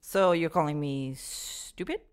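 A woman's voice: low-pitched, unhurried, smooth. A woman co-hosting a podcast in a studio, blunt and teasing, close to the mic. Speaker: podcast co-host. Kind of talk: casual podcast chat.

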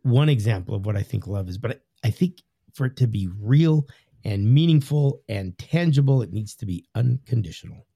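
A man's voice: mid-range voice, lively intonation, normal speed, vocal fry, dark tone, husky, dry recording, clean studio sound. A man co-hosting a casual faith podcast, speaking earnestly and reflectively. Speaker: podcast co-host.

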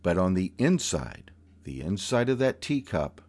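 A man telling a personal story in a measured, unhurried way, with pauses and small restarts. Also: sits low, sing-song, a little mellow.

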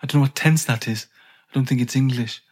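A man's voice: mid-range voice, quick pace, husky, voice pushed up, close to an everyday voice. A man voicing a plain-spoken retired male rock guitarist, leaving a rambling message with dry grumbles. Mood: chatty. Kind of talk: comic recorded message.

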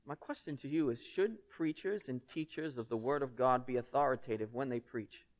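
A man's voice: mid-range voice, moderate pace. A male pastor preaching a sermon in a conversational, emphatic way, often asking the congregation rhetorical questions.

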